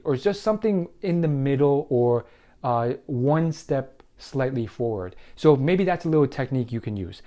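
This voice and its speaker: A man's voice: medium pitch, expressive, moderate pace, dark tone, dull audio. A young man hosting a self-help video, explaining tips in a casual, conversational way with frequent fillers and restarts. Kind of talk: casual talk to camera.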